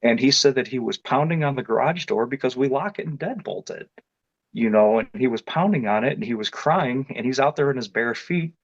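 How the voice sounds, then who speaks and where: As an interview guest, a man with a brisk, mid-range voice recounts a personal story, restarting often and leaning on fillers in a loose, rambling way. He becomes louder and more animated as the story builds, and the dull lo-fi recording is dry with no echo.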